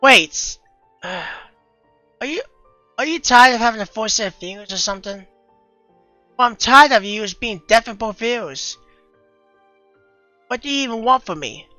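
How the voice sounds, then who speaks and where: A woman reading a visual novel aloud, voicing its dialogue in a lively, expressive way, on a dull lo-fi recording. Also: a little high, no room sound, soft background music. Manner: lively, expressive, quick to exasperation.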